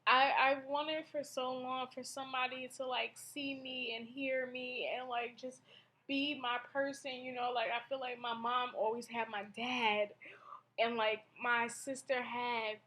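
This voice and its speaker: A young woman in a personal confessional monologue, halting and emotional, with many fillers and restarts. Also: high voice, level tone, bright, forceful tone. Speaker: blogger.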